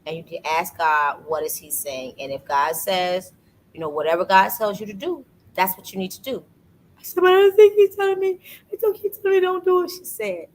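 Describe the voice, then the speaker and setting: A woman hosting a casual faith talk, telling a personal story with lively energy and acting out what people said to her. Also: on the low side, a little hiss or hum, rough recording. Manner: animated storytelling, acts out quoted voices. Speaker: podcast host. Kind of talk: casual faith testimony chat.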